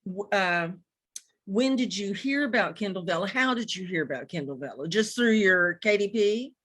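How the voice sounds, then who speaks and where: A woman's voice: medium pitch, lively intonation, normal speed, a bit bright. A woman hosting a podcast, asking questions in a frank, playful, casual way. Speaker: podcast host. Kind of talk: casual interview chat.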